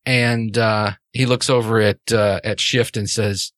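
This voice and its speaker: A suave, courteous gentleman of means, as a man puts him on, speaks in a slow, unhurried, polite way. The sound is dry and close. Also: on the low side, steady tone, no echo. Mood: commanding.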